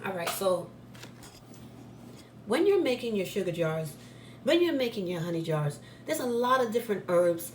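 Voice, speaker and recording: Very animated yet at normal speed, the woman's mid-range voice leaves long pauses between thoughts. As a spiritual shop owner and channel host, she lectures the camera bluntly in a casual vlog, repeating herself for emphasis, with echo and faint noise in the room.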